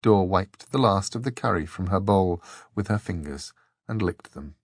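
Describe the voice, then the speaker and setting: A man narrating an audiobook in a measured, expressive way. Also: low-pitched, husky, dry recording, studio quality.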